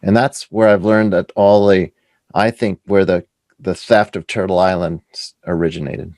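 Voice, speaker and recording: A middle-aged Canadian man, an author being interviewed, telling animated anecdotes and acting out what other people said. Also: low voice, normal speed, no room sound. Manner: animated anecdotes with quoted voices. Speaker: author and guest. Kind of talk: casual storytelling interview.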